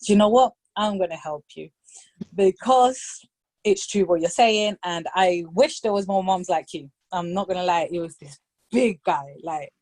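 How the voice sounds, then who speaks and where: A woman's voice: lowish voice, a little slow. A woman telling a story in casual chat, acting out the voices and dropping into phrases. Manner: animated storytelling, acts out voices, code-switches to Spanish. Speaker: podcast guest.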